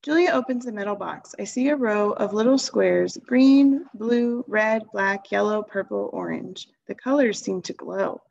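Lady reading a kids' book out loud, calm and steady, kinda muffled sound. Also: medium pitch, unhurried, gravelly, hardly any pauses. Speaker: reader. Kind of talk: reading a children's novel aloud.

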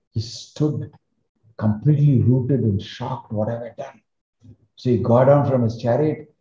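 A man with a very dark, mellow voice tells a sacred story as a spiritual teacher. He builds with emphatic rises. The recording is roomy and slightly dull. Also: medium pitch. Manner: animated retelling with emphatic rises. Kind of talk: storytelling discourse.

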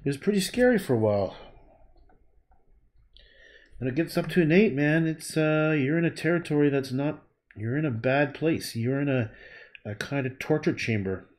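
A man's voice: fairly high pitch, lively intonation, normal speed, long pauses, darkish tone. Man murmuring to himself while painting. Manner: rambling, hums and murmurs to himself. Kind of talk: thinking aloud while painting live.

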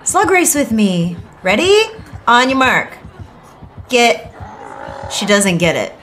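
A young woman streaming a game, excitable and swearing, with bursts of laughter. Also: on the high side, slow, a little hiss or hum. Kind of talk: live game stream commentary.

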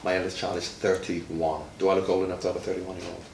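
A very deep-voiced man in his fifties from Jamaica, talking playfully to a child and quizzing her, dragging out words to make a point. He sounds set back from the mic in an echoey room with faint noise behind him. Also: flat delivery, creaky. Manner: playful, quizzing, drawn-out emphasis. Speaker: retired footballer, interviewee. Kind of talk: friendly teaching chat with a child. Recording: roomy, from far off, faint noise.

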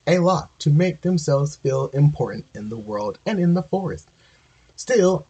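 Guy reading a kids story out loud, stumbles and fixes words a lot, raspy voice. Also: medium pitch, rough recording. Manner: stumbling, often correcting himself mid-line. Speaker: amateur reader.

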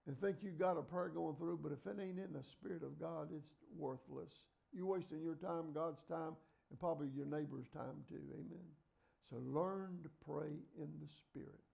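A middle-aged man preaches a fervent sermon. His voice sits a little high and has a gravelly edge. He moves from loud exhortation to quiet, confiding storytelling. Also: normal speed, muffled recording. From United States.

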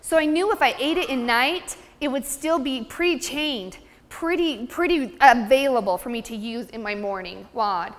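A woman's voice: sits high, normal speed, few pauses. A woman presenting a nutrition seminar, talking in an upbeat, chatty way to her audience. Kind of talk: live seminar lecture. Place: seminar room. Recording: long hall reverb.

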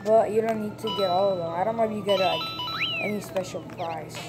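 A woman chatting casually through a video game playthrough, breaking into excited shouts and laughs at close calls. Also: medium pitch, fairly quick. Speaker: gameplay commentator. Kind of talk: casual let's-play commentary. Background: video game music.

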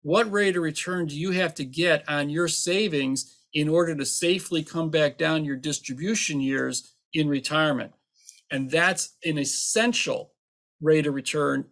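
A man's voice: fairly high pitch, normal speed, vocal fry, a bit bright. A man who is an accountant and author, answering interview questions with emphatic, teasing explanations and everyday examples.

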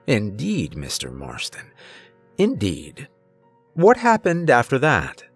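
A soft-spoken, sinister old stranger, as a male narrator puts him on, polite and formal with a quiet mocking edge. He savours every word slowly, over faint music. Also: medium pitch, wildly swooping pitch, husky, heavily acted.

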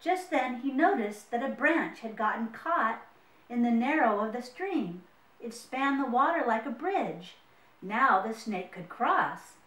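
A woman's voice: fairly high pitch, a bit bright, distant mic. A woman storyteller reading a picture book aloud, with friendly asides to young listeners. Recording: roomy, mic set away.

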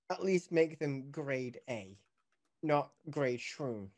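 Slow-talking game master. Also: mid-range voice, animated, darkish tone. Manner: slow, drawling narration with fillers. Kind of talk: narrating a tabletop game over a video call.

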